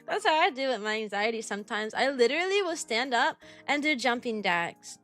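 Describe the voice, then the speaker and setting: A woman's voice: a little high, sing-song, fairly quick, a bit bright, faint music behind. A young woman, a kindergarten teacher, chatting casually on a livestream and rambling with lots of fillers. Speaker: kindergarten teacher and VTuber streamer.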